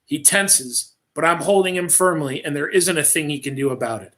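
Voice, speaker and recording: A man reads a first-person story aloud on a livestream, in a dramatic style broken by offhand asides. His voice sits fairly high and sounds bright and forceful. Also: moderate pace. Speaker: author reading his own story.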